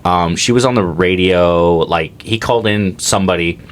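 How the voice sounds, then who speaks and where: A man's voice: sits low, moderate pace. A young man co-hosting a casual comedy podcast, rambling through stories with lots of "like" and "dude". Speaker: podcast co-host.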